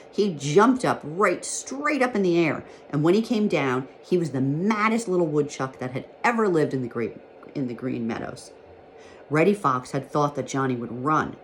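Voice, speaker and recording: A woman teacher with a low, warm voice reads a children's storybook aloud. She tells it in a gentle, expressive way. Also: slight background noise.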